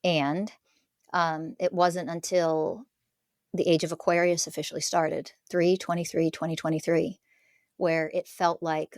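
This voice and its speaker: A woman's voice: low-pitched, level tone, normal speed, darkish tone, dry recording, clean studio sound. A middle-aged woman speaking earnestly as a podcast guest, making emphatic declarations about her spiritual teaching. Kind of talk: conversational interview.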